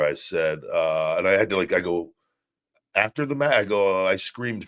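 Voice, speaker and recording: A very deep-voiced, middle-aged man, chatting casually as a podcast host. He rambles through his stories and often restarts his sentences midway. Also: normal speed, fairly bright tone. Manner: rambling storytelling with many restarts. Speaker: show host, former wrestler.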